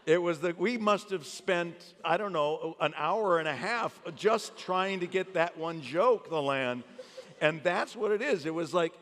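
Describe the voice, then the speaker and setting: On a theater stage before a live audience, an actor discussing his memoir tells animated anecdotes about his stage work, acting out the people he quotes. His voice sits high and he takes his time. Long theater reverb hangs on every line.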